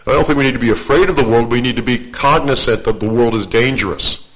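A man's voice: medium pitch, quick pace, a bit bright, poor audio. An older man giving a folksy, storytelling sermon as a guest preacher. He jokes at his own expense and often repeats and restarts his phrases. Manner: joking, self-deprecating, repeats and restarts phrases.

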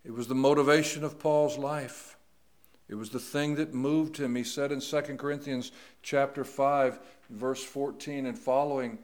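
A middle-aged man preaching a sermon, slow and deliberate, rising to emphatic stress on key words. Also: medium pitch, fairly even intonation.

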